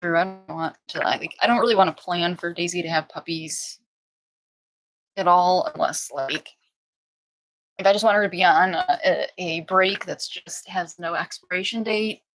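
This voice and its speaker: A woman chats casually on a live stream from her home, loose and rambling, full of fillers and quick restarts. She talks like a dog breeder hosting for her viewers. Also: fairly even intonation, a little hiss or hum, rough recording. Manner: chatty, coos in high baby talk to puppies. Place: indoors at home.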